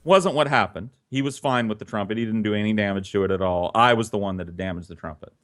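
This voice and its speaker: A man's voice: lowish voice, quick pace, a bit bright. A man telling a childhood story in a casual, conversational way, swearing freely and animating the tale.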